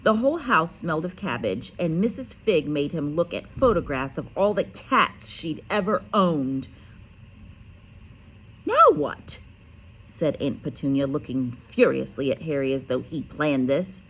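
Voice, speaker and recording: A woman teacher reading a children's book aloud with lively expression and casual, chatty asides. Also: low voice, normal speed, few pauses. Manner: animated, casual, self-correcting.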